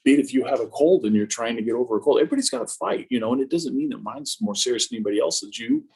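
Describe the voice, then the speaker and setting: A man's voice: medium pitch, big pitch swings, racing, creaky, darkish tone, husky, rough recording. A man in his fifties, a guest in a casual interview, telling stories about his life with a self-mocking, joking humor. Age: 50s. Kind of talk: casual conversation.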